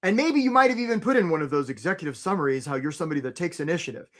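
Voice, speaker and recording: A man hosting a live career webinar, coaching casually with jokes and giving shout-outs to viewers by name. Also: fairly high pitch, rapid-fire. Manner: energetic and joking, breaks into short mocking impressions of job seekers.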